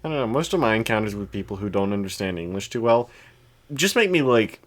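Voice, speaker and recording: A man's voice: fairly low pitch, big pitch swings, quick pace. A young man co-hosting a podcast, telling a long story in casual chat with lots of restarts and fillers. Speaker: podcast co-host.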